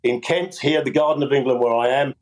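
A man's voice: mid-range voice, fairly quick, rough recording. A man, a fruit farmer, speaking earnestly and emphatically in a television interview.

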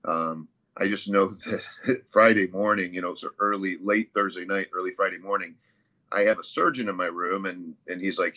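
Casual male guest, bright forceful tone, rambling storyteller, muffled lo-fi audio. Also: low-pitched, steady tone, moderate pace. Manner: rambling, many fillers and restarts. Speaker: interview guest, CrossFit athlete.

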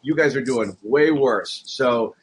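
A middle-aged man co-hosting a casual sports podcast, telling stories with lively acted-out quotes. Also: medium pitch, takes it slowly, a little hiss or hum. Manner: animated storyteller, acts out quotes. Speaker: podcast co-host.

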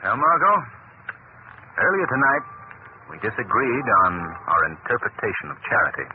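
An actor playing a calm, gentlemanly male hero speaking in a measured, earnest way, in a 1930s radio drama. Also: medium pitch, a little hiss or hum. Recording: tinny 1930s radio broadcast.

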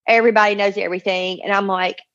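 A woman's voice: mid-range voice, steady tone, quick pace, fairly bright tone. A woman in her forties, a mother, telling an emotional personal testimony in an earnest, tumbling way, acting out the voices she quotes. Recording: dull lo-fi recording.

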